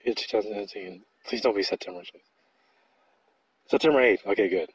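This podcast co-host has a husky, lowish voice that runs a little fast. He rambles through casual chat, laughing often and leaning on fillers and "likes," and the recording has a dull lo-fi quality.

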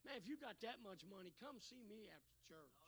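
A man preaching a revival sermon, swinging from hushed asides to shouted exhortations. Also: high-pitched, big pitch swings, brisk, poor audio.

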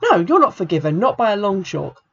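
A book reviewer reading aloud as an indignant adult woman scolding her sister, with sharp, accusing delivery. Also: mid-range voice, sing-song, brisk, vocal fry, slightly rough, dull audio, heavily acted.

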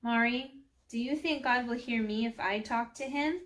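A woman reading a children's storybook aloud, voicing an excited, curious young girl who keeps asking wide-eyed questions. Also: on the high side, normal speed, slight background noise, pitched above the performer's own voice, close to an everyday voice.

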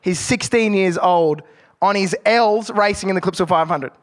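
A man telling an excited, swearing stand-up anecdote. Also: sits high, moderate pace, pitched above the performer's own voice, natural voice.

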